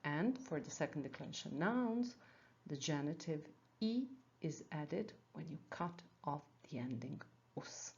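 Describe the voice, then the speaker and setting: A woman with a low, mellow voice takes her time over a grammar lesson, spelling out each point and going back over it for her students. The sound is a little dull and lo-fi. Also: animated, unhurried. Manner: methodical, repeats key points for learners. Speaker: Latin teacher. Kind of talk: slow, patient lesson explanation.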